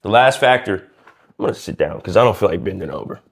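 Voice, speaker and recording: A man coaching viewers on speaking, casual and lively, acting out quiet and loud ways of talking and using slang as he goes. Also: sits low, quick pace, gravelly. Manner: lively and demonstrative, acts out quiet and loud speech. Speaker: communication coach. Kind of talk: casual instructional talk to camera.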